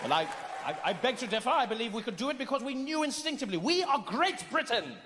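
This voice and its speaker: A man's voice: extremely high pitch, big pitch swings, quick pace, pushed and bright, in a large hall, a faint crowd, pitched above the performer's own voice, exaggerated voice. A man playing a pompous upper-class British colonizer, haughty and indignant.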